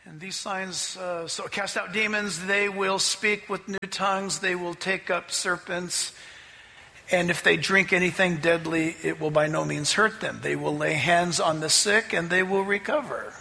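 A man preaching a sermon as pastor, telling a story in an animated way and acting out the people he quotes. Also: high voice, a little slow, vocal fry, in a large hall. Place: church.

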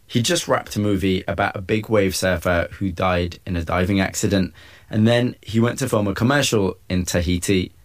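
A man reading scripted documentary narration in a measured, even way. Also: low-pitched.

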